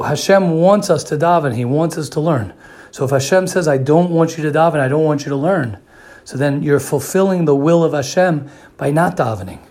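A man's voice: fairly high pitch, a little mellow. A man giving a sermon who repeats phrases for emphasis and often restarts his sentences. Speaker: religious speaker.

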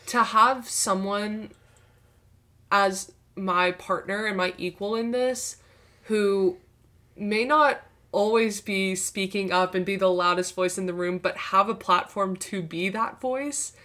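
A woman's voice: mid-range voice, slow. Effusive young woman co-hosting a podcast. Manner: warm, effusive, heartfelt. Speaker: podcast co-host. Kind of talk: casual chat.

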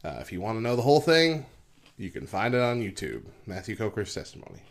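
A man co-hosting a podcast in casual chat, easygoing and quick to laugh. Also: fairly low pitch, sing-song. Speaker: podcast co-host.

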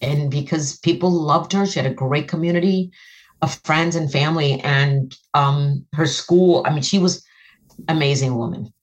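Speaking at a moderate pace, this middle-aged woman tells an emotional story from her own life as a guest and author. She is earnest throughout, and her voice climbs sharply whenever she relives moments.

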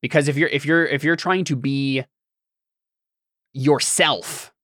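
A man's voice: on the high side, fairly even intonation, slow pace, fairly bright tone, no echo, studio quality. A man in casual podcast chat, explaining ideas thoughtfully with frequent ums and restarts. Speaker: podcast guest.

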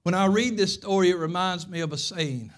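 A man preaching from the pulpit in a notably high voice. He tells stories in an emphatic, repeating way, hammering each point home like a seasoned pastor. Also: a little fast. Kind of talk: sermon.

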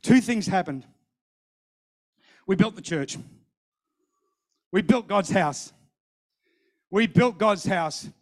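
A middle-aged man preaches a sermon, animatedly recounting a personal story, acting out what other people said and repeating phrases. His voice is high, his pace slow, with long pauses.

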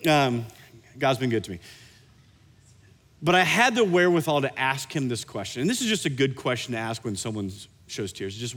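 A man preaching a sermon, telling a personal story in an animated way and slowing down for emphasis. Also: mid-range voice. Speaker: pastor. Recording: reverberant hall.

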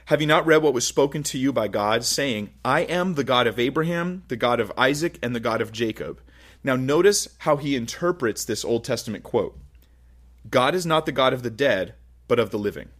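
A man preaching a sermon, teaching verse by verse from scripture with animated, rising and falling emphasis. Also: mid-range voice. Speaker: pastor.

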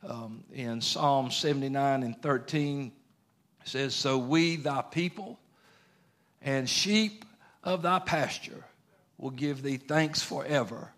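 An earnest man preaching a Bible lesson. His delivery is conversational and homespun rather than grand, with loose everyday grammar. His pitch sits in a middle range for a man. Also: fairly bright tone. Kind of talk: sermon.

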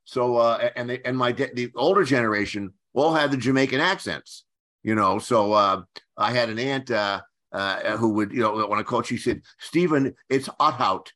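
An older man from the Philadelphia area, a guest screenwriter telling anecdotes in a halting way, with many restarts and fillers. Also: mid-range voice, fairly bright tone. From Philadelphia area, USA. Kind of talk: anecdotal storytelling.

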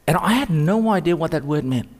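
A man preaching a sermon, swinging between loud, urgent rises and quiet, intimate drops. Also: on the high side, animated, fairly quick. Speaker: pastor. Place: church hall. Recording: long hall reverb.

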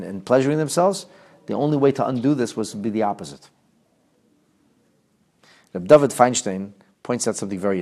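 A man teaching a Torah class, talking in a lively way, asking his listeners rhetorical questions and often restarting and repeating words as he explains. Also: fairly low pitch.

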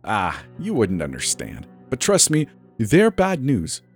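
A man's voice: medium pitch, wildly swooping pitch, measured pace, faint music behind, pitched above the performer's own voice. A man voicing a creepy, grinning teenage boy who sells superpowers, in a mocking sing-song murmur. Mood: menacing.

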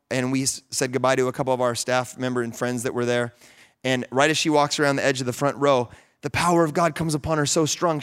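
A man's voice: mid-range voice, clean tone. A man in his thirties, a pastor preaching a sermon and telling stories with rising fervor. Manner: storytelling, animated, rising to fervent peaks.

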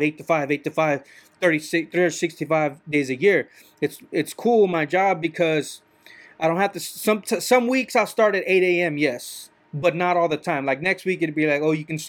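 A man, a truck driver, talking in a rambling, casual monologue, often repeating "you know what I mean". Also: on the high side.

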